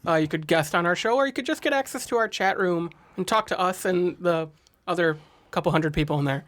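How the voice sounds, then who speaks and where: A man's voice: sits high, a little fast, fairly bright tone. A man co-hosting a podcast in casual chat, tossing in wry quips and reading out the show's plugs. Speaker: podcast co-host.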